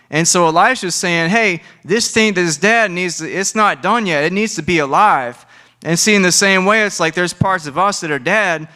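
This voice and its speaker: A man's voice: sits high, sharp tone. A young man giving a casual, conversational sermon, full of asides and restarts. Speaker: preacher.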